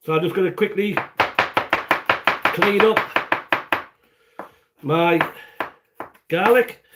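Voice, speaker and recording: High-voiced chatty man cooking live. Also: heavy background noise. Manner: chatty, rambling and jokey, greeting viewers by name. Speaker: cooking show host. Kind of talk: casual live cooking stream. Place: home kitchen.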